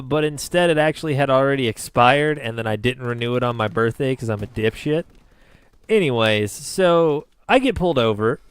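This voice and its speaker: A man's voice: mid-range voice, clear, resonant tone. A young man casually telling a story from his own life, swearing often and mocking himself. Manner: profane, self-mocking, animated retelling. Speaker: vlogger.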